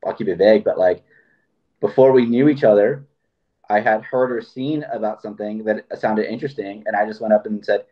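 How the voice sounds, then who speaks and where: Man, low-pitched voice, casual rambling chat, dull lo-fi recording. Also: fairly even intonation, normal speed. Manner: rambling, acts out quoted dialogue. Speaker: podcast host. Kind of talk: casual conversation. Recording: dull lo-fi sound.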